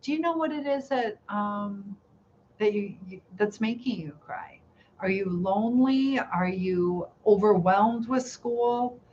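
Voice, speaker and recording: Middle-aged woman, live chat host, gentle and reassuring, asks lots of questions, dull lo-fi sound, faint hum behind. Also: medium pitch, slow pace. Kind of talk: casual live-stream chat reading comments. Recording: slightly dull lo-fi sound, faint room noise.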